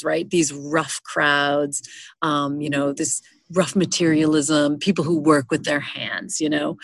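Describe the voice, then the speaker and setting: A woman co-hosting a casual book discussion. She asks questions and analyzes in an animated way. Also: low voice, no room sound, studio quality. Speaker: podcast co-host.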